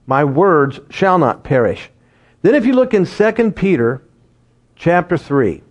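Animated high-voiced male preacher. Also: lo-fi sound. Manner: animated, laughs at his own jokes, slows to stress words. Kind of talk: sermon with Bible reading.

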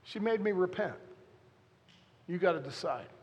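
Recorded muffled in a large hall, a guest pastor in his fifties with a high voice and moderate pace animatedly tells a humorous story to his church congregation, speaking straight to them.

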